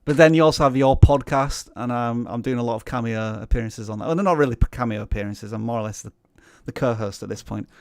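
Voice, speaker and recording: A man's voice: mid-range voice, quick pace, dry recording, clean studio sound. Rambling, joking man hosting a livestream. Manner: rambling and joking, with many fillers and restarts. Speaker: livestream host. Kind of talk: casual livestream chat.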